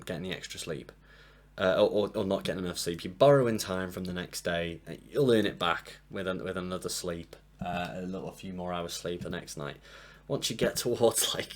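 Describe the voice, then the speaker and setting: An English music reviewer with a low voice ranks albums in a casual monologue from a desk at home. Tired from lack of sleep, he rambles, apologises and runs himself down. His propped-up desk mic sometimes gets knocked.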